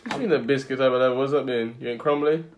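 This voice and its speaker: Quick guy on a chill podcast, animated storyteller, lots of banter. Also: medium pitch. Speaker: podcast co-host. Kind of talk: casual chat.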